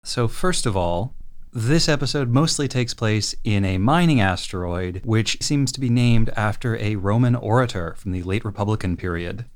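Male podcast co-host, lowish voice, wry dry delivery. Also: moderate pace. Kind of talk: casual podcast discussion.

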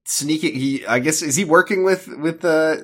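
A man's voice: a little high, moderate pace. A man co-hosting a podcast, recapping a TV episode in a casual, rambling and jokey way. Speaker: podcast co-host.

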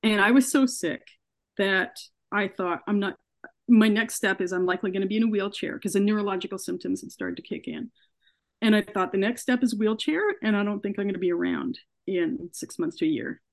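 A woman's voice: medium pitch, lively intonation, a little fast. Earnest woman telling her story. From Canada. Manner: earnest, recounts events by acting out quoted dialogue. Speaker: podcast guest. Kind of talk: personal story told in an interview.

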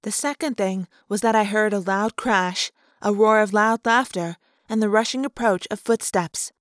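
A woman's voice: mid-range voice, normal speed. A woman narrating a story aloud in first person, expressively acting out the action.

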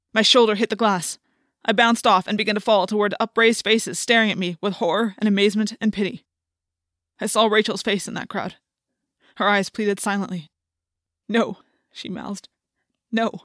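A woman's voice: mid-range voice, fairly bright tone, no echo, studio quality. A woman narrating an audiobook in the first person, telling the story with intense, dramatic delivery.

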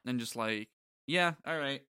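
A man's voice: medium pitch, a little slow, sharp tone, clean tone, no room sound, studio quality. A man co-hosting a casual music podcast, wry and sarcastic, swearing freely as he runs through band names. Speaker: podcast co-host. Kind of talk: casual chat.

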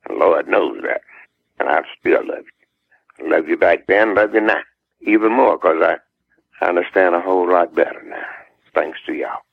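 A man's voice: low voice, moderate pace, gravelly, long pauses, breathy edge, no echo. An older man from the American South, a singer chatting in a radio interview, laughing often and repeating himself. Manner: laughs often, repeats words, warm down-home talk. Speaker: guest singer. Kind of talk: relaxed interview chat. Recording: dull muffled radio recording.

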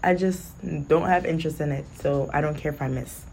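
A woman's voice: sits low, a little fast, a little hiss or hum. Blunt young woman with a lilt. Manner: blunt, animated, laughing storyteller. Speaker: vlogger. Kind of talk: casual storytime monologue.

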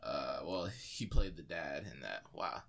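A man's voice: a bass voice, lively intonation, measured pace, vocal fry, fairly bright tone. A man co-hosting a podcast, chatting casually about movies in a rambling way with lots of fillers. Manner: rambling, filler-heavy, restarts often. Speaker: podcast co-host.

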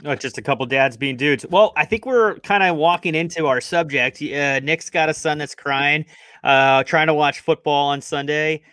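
A man's voice: a little high, moderate pace, pushed and bright, clear, resonant tone, no echo. A man co-hosting a casual podcast, easygoing as he steers the talk with questions. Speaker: podcast co-host.

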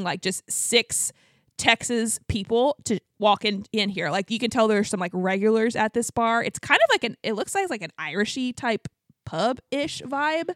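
A woman co-hosting a podcast, telling a story in a fast, animated way with lots of filler words. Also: mid-range voice, no room sound. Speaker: podcast co-host. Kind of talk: casual storytelling chat.

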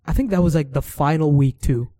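A man's voice: on the high side, fairly quick, warm tone. Hesitant young man in casual chat. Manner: hesitant, many fillers and restarts. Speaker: podcast co-host.

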